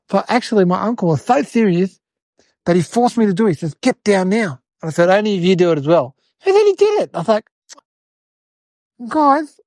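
A woman voicing an eight-year-old city boy, telling a rambling comedic story in a whiny, excitable way. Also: medium pitch, no room sound. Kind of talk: comedic character monologue.

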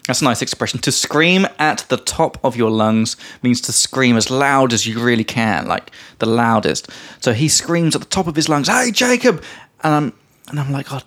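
A man's voice: medium pitch, normal speed, a bit bright. A young man hosting a casual teaching chat, rambling with many fillers and explaining words as he goes. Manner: rambling, lots of fillers, laughs, mimics voices. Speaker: podcast host, English teacher.

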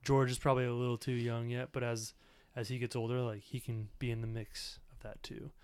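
A man's voice: medium pitch, flat delivery, a little fast, clear, resonant tone, no room sound. A man in his thirties hosting a casual podcast with his wife, talking in an earnest, reflective way with many filler words. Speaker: podcast host.

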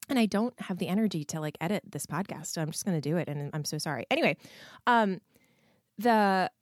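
Woman podcast host and coach, very low and hoarse today, candid and chatty, swears a little, dry close sound. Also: lively intonation, brisk, no room sound. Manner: candid, swears freely, frequent likes and ums. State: hoarse, froggy. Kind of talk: casual answers to listener questions.

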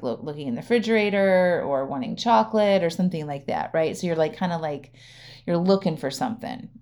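A middle-aged woman hosting a solo podcast as a wellness coach, chatty, often checking in with "right?" and laughing. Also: on the low side. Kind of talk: casual solo podcast talk.

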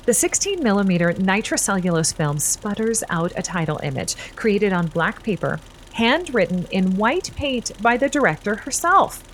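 A woman narrating a scripted history podcast in an expressive, playful way. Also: medium pitch, slight background noise. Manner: expressive and playful, laughs often.

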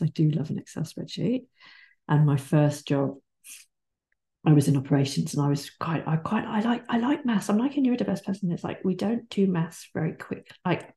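A woman in her forties hosting a casual solo podcast, chatty and rambling, swearing now and then and drifting into soft whispered asides. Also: deep voice, creaky. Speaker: podcast host.

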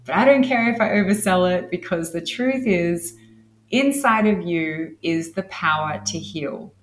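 A woman hosting a solo wellness podcast, talking enthusiastically and laughing often between her points. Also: lowish voice. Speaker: podcast host. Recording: roomy echo.

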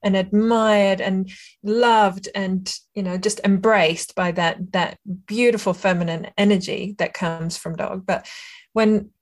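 A woman's voice: medium pitch, fairly even intonation, slow. A woman hosting an interview, asking thoughtful questions with hesitant restarts. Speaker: podcast host. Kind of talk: casual interview chat.

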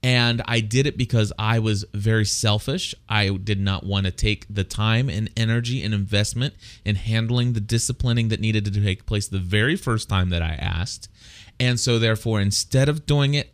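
A middle-aged man co-hosting a parenting talk show, speaking earnestly and confessionally about his own failings as a father. His voice sits low and comes across smooth and resonant. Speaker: co-host, parent. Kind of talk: casual faith-based parenting talk.

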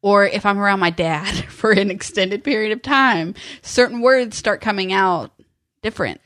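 A woman's voice: mid-range voice, fairly bright tone, no echo, studio quality. A woman with a Southern accent co-hosting a casual faith chat, talking in a chatty, storytelling way. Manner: chatty, storytelling, quick to laugh. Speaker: podcast co-host.

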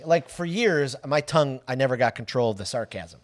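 Animated man co-hosting a podcast, dry sound. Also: medium pitch, a little fast, hardly any pauses, dry recording. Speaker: podcast co-host. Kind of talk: casual podcast chat.

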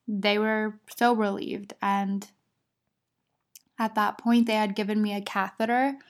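A young adult woman hosting a podcast, candidly telling her own birth story with laughs and quoted voices. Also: medium pitch. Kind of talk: personal storytelling.

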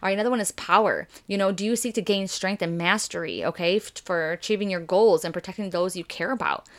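A bubbly, excitable woman hosting a podcast workshop, talking fast and loud in a casual, chatty way. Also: medium pitch. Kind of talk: casual guided workshop talk.

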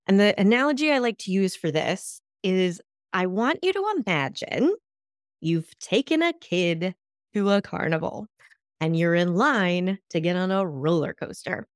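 A woman hosting a solo self-help podcast, talking in a lively coaching tone. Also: on the low side, measured pace, clean tone, no echo, clean studio sound. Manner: lively coaching tone, acts out imagined reactions. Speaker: podcast host.

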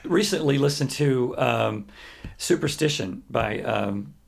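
Gravelly-voiced man hosting a podcast. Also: medium pitch, lively intonation, slow. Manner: rambling, asks loose questions. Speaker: podcast host. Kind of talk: casual podcast conversation.

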